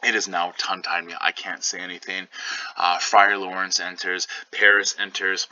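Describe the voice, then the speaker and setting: A man's voice: sits low, completely flat delivery, normal speed, sharp tone, dry recording, muffled recording. A male teacher reading a play aloud and explaining it casually in modern slang.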